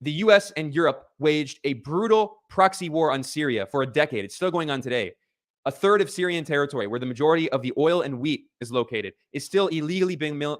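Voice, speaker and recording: Insistent lecturing man, slightly high voice. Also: fairly bright tone. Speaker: political commentator. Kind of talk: political argument.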